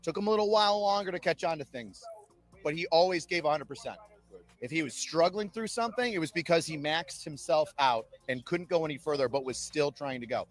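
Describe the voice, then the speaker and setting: A man in his thirties, an army drill sergeant, telling lively stories in an interview with an upbeat recruiting pitch. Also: a little fast, faint music behind. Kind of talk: interview storytelling.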